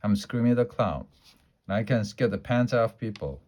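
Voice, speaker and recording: A man doing a loud, excitable little girl. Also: fairly low pitch, moderate pace. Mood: excited. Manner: squealing, exclamatory and raised.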